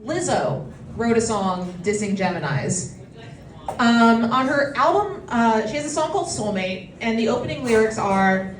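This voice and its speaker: A woman doing a stand-up comedy set at a bistro, with a quick, self-deprecating delivery and crude punchlines. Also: a little high, expressive. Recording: echoey room from a distance, loud crowd.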